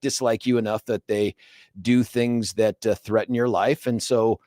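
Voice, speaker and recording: A man's voice: lowish voice, steady tone, normal speed, mellow, no room sound, studio quality. A middle-aged man hosting a talk radio show, animatedly retelling a quarrel and acting out both sides. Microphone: studio microphone.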